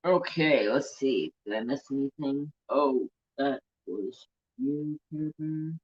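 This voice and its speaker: A man's voice: medium pitch, slow pace, highs cut off. An American man chatting casually and playfully about his pets and talking to them, as a craft channel host.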